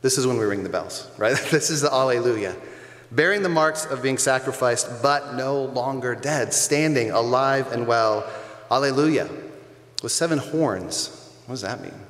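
A man's voice: medium pitch, normal speed, a bit bright. A male pastor giving a sermon in a conversational, emphatic way, repeating key phrases for weight. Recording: echoey church hall with long reverb.

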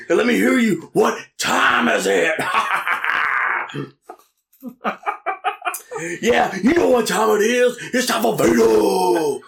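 A man acting out a menacing, boastful wrestling villain, shouting slow drawn-out threats. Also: high-pitched, creaky, slight background noise, pitched above the performer's own voice, full character voice.

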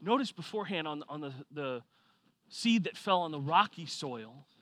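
A man preaching a sermon, telling a personal story with lively swings from quiet reflection to loud excitement. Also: on the high side, moderate pace. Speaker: pastor.

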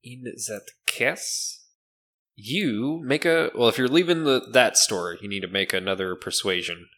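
Slow, deep-voiced game master. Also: male voice, a bit bright. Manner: halting, many fillers. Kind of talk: running a tabletop game.

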